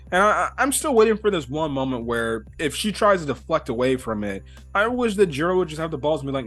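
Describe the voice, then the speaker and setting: Rambling, excitable male anime reviewer. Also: a little high, quick pace, hardly any pauses, soft background music. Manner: rambling, filler-heavy, excitable recapping. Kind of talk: casual episode review.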